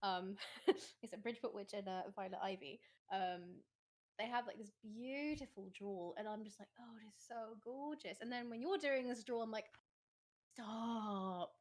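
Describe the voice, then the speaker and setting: A woman's voice: mid-range voice, normal speed, darkish tone. A woman from England with an English accent, hosting a casual podcast chat and bursting into giggly laughter. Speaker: podcast host.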